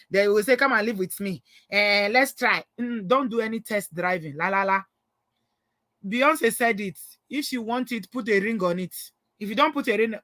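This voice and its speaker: A woman's voice: medium pitch, no echo. A Nigerian woman hosting a live call-in chat, giving emphatic advice and welcoming callers. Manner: emphatic, advising, warm toward callers. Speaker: host.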